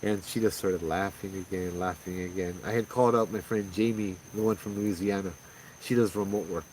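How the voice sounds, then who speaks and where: A man with a Hawaiian accent casually retelling a paranormal experience in a conversational, animated way, acting out the quoted voices. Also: sits low, brisk. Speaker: paranormal storyteller. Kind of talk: casual spoken ghost story. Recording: distant mic with faint background noise.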